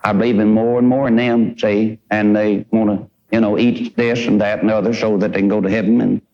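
Folksy preacher, dull old tape. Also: male voice, lowish voice, level tone, a little fast. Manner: folksy, emphatic preaching with repeated phrases. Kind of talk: sermon.

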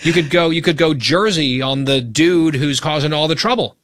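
A man hosting a radio talk show, teasing his co-host in quick, playful banter. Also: fairly high pitch, a bit bright, no echo, clean studio sound.

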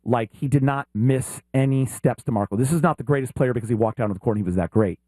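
A man's voice: medium pitch, fast, mellow, dry recording. A man co-hosting a sports talk show, telling stories with enthusiasm in casual chat. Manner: enthusiastic storyteller.

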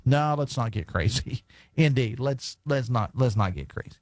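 A man hosting a talk radio show, chatting loosely with plenty of fillers as he reads texts aloud. His voice is close and dry on a studio mic, with mid-range pitch. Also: measured pace, a little mellow, no room sound. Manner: conversational, reads listener texts, many fillers. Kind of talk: casual call-in talk radio chat. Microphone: studio broadcast mic.

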